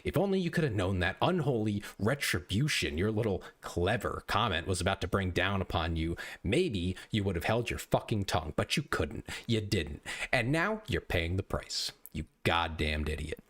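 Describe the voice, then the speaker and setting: A man's voice: low voice, very animated, moderate pace, hardly any pauses, fairly bright tone, full character voice. A man doing a ranting furious sniper. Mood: menacing. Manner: menacing, ranting, profane. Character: boastful furious male sniper, threatening tough guy. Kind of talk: meme reading on stream.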